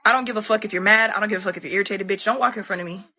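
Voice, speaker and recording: A woman's voice: medium pitch, racing, pushed and bright. A young woman telling a candid, profane storytime monologue to her viewers. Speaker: vlogger.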